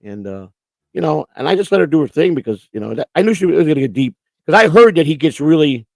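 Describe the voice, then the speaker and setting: A man's voice: fairly high pitch, big pitch swings, fast, vocal fry, no echo. A man hosting a casual live-stream chat show, rambling and stammering through repeated restarts. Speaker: host. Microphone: computer setup with earphones.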